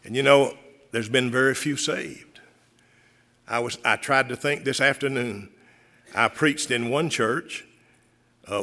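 A man's voice: medium pitch, bright, forceful tone, long reverb tail. An older man, a retired pastor, preaching a sermon, telling a story and then making fervent appeals.

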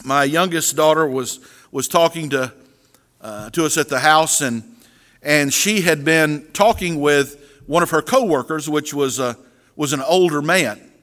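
A middle-aged pastor with a high, bright voice delivers an earnest sermon a little slowly. He keeps restarting his sentences and doubling back on words, and a large hall gives his voice a long reverb.

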